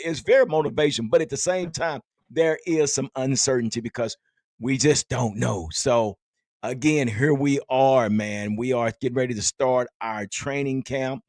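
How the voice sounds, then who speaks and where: A man's voice: medium pitch, no echo. A man hosting a casual sports fan podcast, upbeat and chatty, laughing often. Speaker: podcast host.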